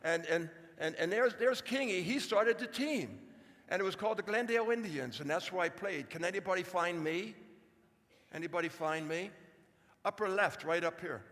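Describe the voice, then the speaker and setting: A man's voice: high-pitched, moderate pace, fairly bright tone, big-room sound. A man in his seventies gives a folksy, joking speech to a live audience, talking straight to the crowd. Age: 70s. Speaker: speaker. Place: large hall before an audience.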